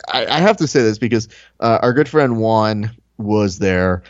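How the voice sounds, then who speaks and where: Male podcast co-host, lively storyteller who mimics people; slightly dull lo-fi sound, dry close mic. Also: lowish voice, measured pace, no room sound. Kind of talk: casual podcast chat.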